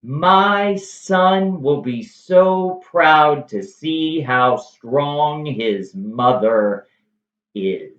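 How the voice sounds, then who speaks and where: A storyteller voicing a frenzied royal mother, shrill and manic, in a retold stage tragedy. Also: expressive, very slow, a bit bright, echoey room, distant mic, lo-fi sound. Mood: triumphant. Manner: shrill, manic, then wailing. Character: grieving frenzied mother, a queen.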